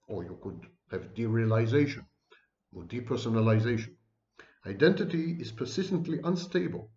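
A man's voice: mid-range voice, a little mellow. A man giving an online lecture on personality disorders, emphatic and scornful, stacking up terms as he goes. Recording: echoey room, dull lo-fi sound.

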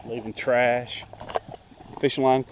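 A man's voice: medium pitch, level tone, takes it slowly, slight background noise. A man vlogging outdoors by a lake, chatting casually and talking to his dogs in baby talk. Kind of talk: casual vlog narration.

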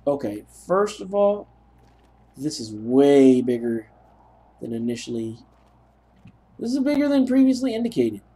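Animated, rambling young man gaming. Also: mid-range voice, measured pace, pauses often. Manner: rambling, self-mocking storytelling. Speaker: gaming commentator. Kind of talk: let's play commentary.

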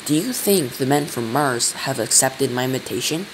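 A man voicing a childish, boastful president who talks loud and excitable in a storybook reading. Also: mid-range voice, moderate pace, background noise, lightly acted.

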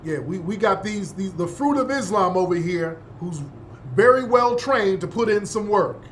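A man hosts a talk show with an emphatic monologue, repeating points and often checking in with listeners by asking "yeah?". His high-pitched voice has lively intonation, a moderate pace and a slightly bright tone, with a little hiss or hum.

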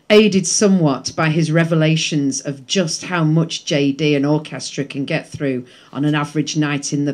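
A woman's voice: sits low, darkish tone. A woman reading a memoir excerpt aloud at a bookshop event, with chatty asides between passages. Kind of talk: reading a book excerpt to a live audience. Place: bookshop event before an audience.

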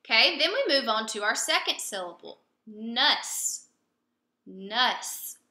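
A young woman teaching a phonics lesson to young pupils, patient and prompting, pausing for answers and praising them. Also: high-pitched, very animated, sharp tone. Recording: roomy echo.

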